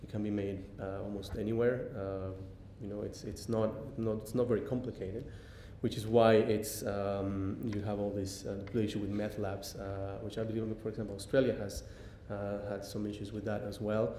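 A man giving a public lecture, pausing often with ums and restarting sentences. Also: little pitch movement, mellow. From Mexico. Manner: halting, many ums and restarts. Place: lecture hall. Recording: echoey hall, faint rumble.

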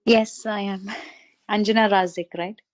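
A woman from India, a student in an online class, giving brief soft replies. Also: medium pitch, fairly even intonation, a little slow, no echo, lo-fi sound.

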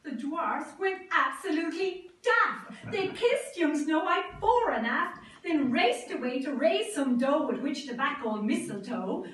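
Theatrical woman storyteller, slow and very expressive; distant, reverberant room sound. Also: high-pitched. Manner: theatrical, lively. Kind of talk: recited comic verse. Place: large drawing room. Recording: echoey room from far off.

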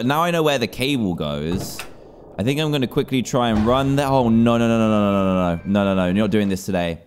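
Gaming host, young man, jumpy horror commentary, very lively pitch. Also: slight background noise. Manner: excitable, jumpy, yelps and panics at scares. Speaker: gaming YouTuber.

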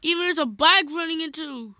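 A woman's voice: extremely high pitch, brisk. A woman giving playful game commentary, talking in a dramatic, whiny way with fake crying. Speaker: gaming channel host. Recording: loud background noise.

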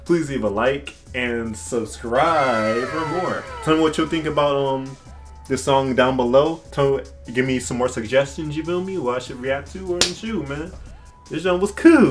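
A man giving casual, excitable, slang-filled reaction commentary to a music video, often laughing. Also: mid-range voice, measured pace. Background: music track playing.

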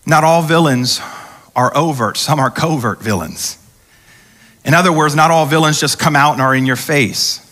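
A man's voice: a little high, normal speed, fairly bright tone. A man preaching a sermon as pastor, talking conversationally and acting out the voices he quotes. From United States. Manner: conversational preaching, acts out quoted voices, repeats words when restarting. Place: large church auditorium. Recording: church hall reverb.

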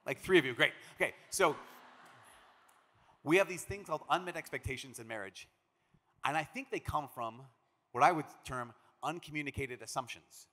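Priest from Minnesota giving a talk, animated storyteller, slightly high voice with a long hall echo. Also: male voice, normal speed, long pauses. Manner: animated storyteller acting out quotes. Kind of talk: conference talk. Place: large conference hall. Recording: long reverb of a big hall.

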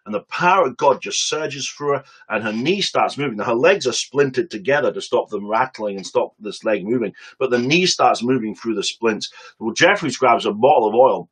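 A man preaching on a webcam stream, telling a story with lively acted-out quotes and quick asides. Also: medium pitch, slightly rough, rough recording.

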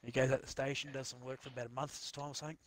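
A man's voice: mid-range voice, level tone, rapid-fire, a little hiss or hum. A man telling a crude joke over voice chat while gaming, rambling and swearing freely.

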